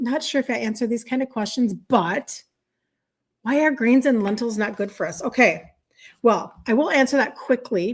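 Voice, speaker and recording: Middle-aged minnesota lady doing a chatty livestream, says hi to everyone by name, laughs a lot. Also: on the high side. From Minnesota, USA. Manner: chatty, greets viewers by name, laughs often. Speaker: health coach hosting a livestream. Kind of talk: casual livestream chat with viewers.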